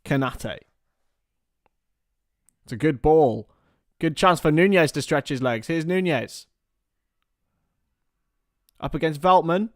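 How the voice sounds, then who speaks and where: A young man giving partisan live commentary on a football match for a fan watchalong, chatting casually between the action and getting loud at chances. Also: on the high side, slow pace, long pauses, dry recording, clean studio sound. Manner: partisan, rises to excited shouts at chances.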